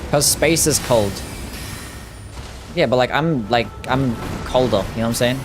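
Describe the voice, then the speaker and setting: A man's voice: mid-range voice, a little slow, music in the background. A man with an Australian accent, joking casually with his chat while streaming a game. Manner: casual, joking, chats with viewers. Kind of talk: live gameplay stream commentary.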